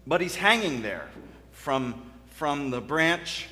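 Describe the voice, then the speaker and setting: A man's voice: on the high side, sing-song, slow, bright, forceful tone. A male interim pastor preaching a sermon in a church sanctuary, telling stories in a conversational way with frequent restarts. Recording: long church reverb.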